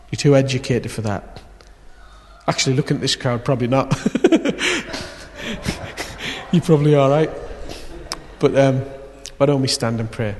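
Preacher in a reverberant hall. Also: male voice, medium pitch, slight background noise. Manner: lively, swings from loud emphasis to quiet intimacy. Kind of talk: sermon with storytelling.

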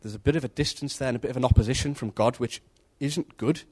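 A man's voice: mid-range voice, fast, slightly rough. A man giving an informal devotional talk in a conversational, storytelling manner. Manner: conversational, animated, acts out story voices. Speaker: preacher.

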